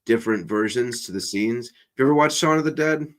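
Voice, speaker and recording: A man's voice: medium pitch, quick pace, a little hiss or hum. A man in a casual group chat, talking animatedly and acting out bits of movies. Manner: animated, acts out movie quotes. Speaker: panel participant.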